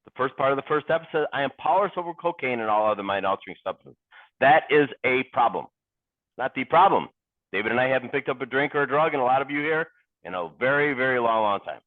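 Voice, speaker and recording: An earnest man speaks at a recovery meeting with a steady, mid-range voice and a deliberate delivery. He puts questions directly to the listeners. The sound comes through thin and phone-like, and completely dry. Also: mid-range voice, no echo. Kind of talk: personal recovery share.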